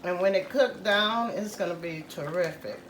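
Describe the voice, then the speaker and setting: A woman hosting a casual home cooking tutorial, talking slowly and repeating "guys" to her viewers. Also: fairly low pitch, a bit bright, reverberant, a little hiss or hum. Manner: slow, repetitive, says "guys" often. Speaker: cooking channel host.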